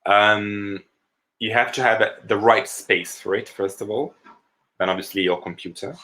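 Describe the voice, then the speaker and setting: A man's voice: fairly low pitch, fairly even intonation, moderate pace, bright, forceful tone. A man giving a live online lesson on voiceover work, explaining at length and often checking in with his listeners. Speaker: voiceover coach.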